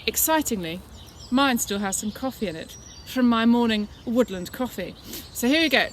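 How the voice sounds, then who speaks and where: A woman's voice: on the high side, background noise. Playful woman teaching kids in the woods. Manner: playful, encouraging, speaks directly to children. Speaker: children's church leader. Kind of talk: children's activity lesson and storytelling. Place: outdoors in woodland. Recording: outdoor recording with birdsong behind.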